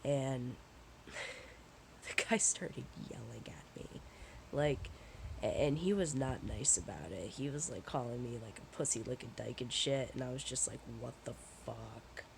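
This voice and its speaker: Gravelly woman telling a shaken story. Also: rumbling low, animated, a little slow, slight background noise, poor audio. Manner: profane, candid, rambling with restarts. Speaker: vlogger. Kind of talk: casual storytime.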